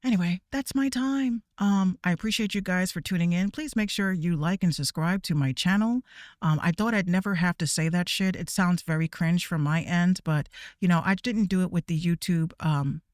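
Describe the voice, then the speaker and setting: A woman's voice: lowish voice, normal speed, no echo, clean studio sound. A woman who hosts her own VTuber show, ranting bluntly and casually, with frequent swearing and laughter. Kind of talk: casual profane rant.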